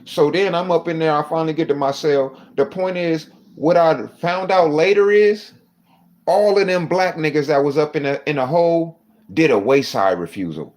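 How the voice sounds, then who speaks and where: A man's voice: on the high side, moderate pace, darkish tone, slight background noise. A man casually recounting a jail story, blunt and swearing constantly, with faint music behind.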